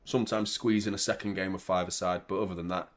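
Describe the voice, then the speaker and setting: A young man hosting a live football watchalong, chatting casually with viewers and shouting out at big moments. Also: deep voice, fast talker. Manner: laid-back chat that jumps to loud excited reactions. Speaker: watchalong host.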